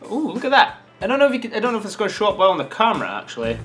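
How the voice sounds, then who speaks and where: A man's voice: high voice, very fast, soft background music. A man from Scotland vlogging a casual taste-test review, chatty and thinking aloud while he eats. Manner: chatty and animated, muses aloud while eating.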